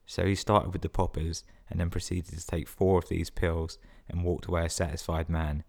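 A man with a very low, deep voice reads listener stories on his podcast. He keeps cutting in with sweary, sarcastic jokes between the sentences. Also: little pitch movement, normal speed, vocal fry, darkish tone. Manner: sweary, sarcastic running commentary. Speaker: podcast host. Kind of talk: reading listener emails with comic asides.

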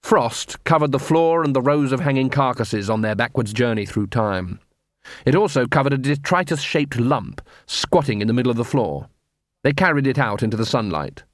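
A man narrating an audiobook in a measured, steady storytelling manner on a close studio mic. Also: mid-range voice, dry recording. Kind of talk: scripted narration.

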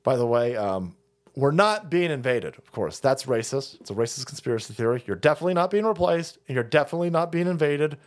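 A man's voice: mid-range voice, animated, fast talker. A man hosting a stream, delivering a profane, sarcastic rant of political commentary. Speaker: streamer host.

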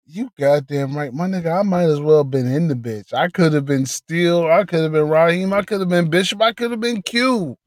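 A man's voice: fairly high pitch, moderate pace, hardly any pauses, no room sound, studio quality. Brash, profane man bantering on a podcast. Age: middle-aged. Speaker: podcast co-host. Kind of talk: casual banter.

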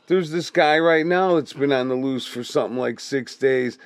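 A man's voice: mid-range voice, normal speed, dry recording. A man co-hosting a podcast in casual chat, cutting in with blunt, profane remarks.

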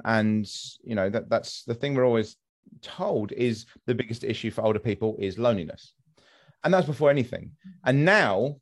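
A man hosts a podcast in casual chat, rambling through his points with plenty of ums. His pitch swings widely as he gets worked up. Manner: animated, rambling, frequent fillers. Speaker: podcast host.

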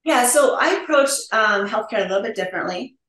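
A woman's voice: fairly high pitch, lively intonation, fast talker, a bit bright. A middle-aged woman, a nurse practitioner guest, explaining earnestly with frequent ums. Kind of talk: conversational interview. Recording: echoey room.

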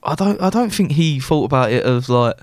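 Man, mid-range voice, animated anecdote-teller, dry close recording. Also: mid-range voice, fairly quick, no room sound. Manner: animated storyteller who acts out quoted dialogue. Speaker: podcast co-host. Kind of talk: casual chat.

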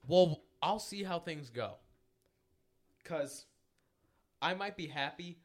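A man's voice: a little high, lively intonation, slow, a little hiss or hum. A young man co-hosting a casual podcast, talking hesitantly and trailing off. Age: young adult. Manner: hesitant, trailing off, restarts a lot. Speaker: podcast co-host. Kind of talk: casual chat.

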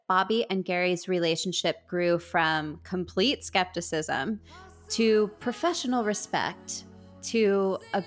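A woman with a lower voice reading a scripted podcast introduction at a measured pace. Soft music sits quietly beneath her. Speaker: podcast host.

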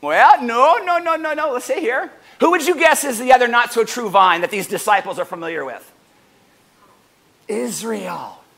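Male pastor mid-sermon; high, bright voice, playful, acts out short exchanges. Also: brisk, hardly any pauses. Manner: animated, swings up and down in pitch and loudness; jokey, acts out doorstep conversations in little voices. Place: church service.

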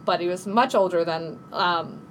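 A woman co-hosting a podcast, telling a story in casual chat, animated and laughing, acting out quotes in a high panicked voice. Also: moderate pace, a little hiss or hum. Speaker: podcast co-host.

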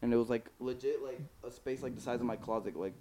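A young man in casual podcast chat, excitedly recounting a story with loose fillers. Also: medium pitch, crowd noise. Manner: fast, excitable retelling of a movie plot. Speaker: podcast co-host.

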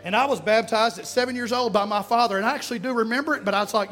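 A man with a high-pitched voice preaching a lively sermon in a church. He swings from shouted exhortation to quiet, hushed asides. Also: rapid-fire, hardly any pauses, soft background music. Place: church sanctuary.

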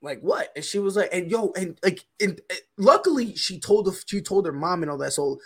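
A man's voice: high voice, expressive, brisk, fairly bright tone, slightly rough. A man co-hosting a podcast, telling a story in a casual, slangy way and often repeating himself. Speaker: podcast co-host.

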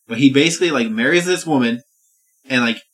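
A man co-hosting a podcast in casual chat, excitedly retelling a movie, swearing and acting out lines in voices. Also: mid-range voice, quick pace. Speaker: podcast co-host.

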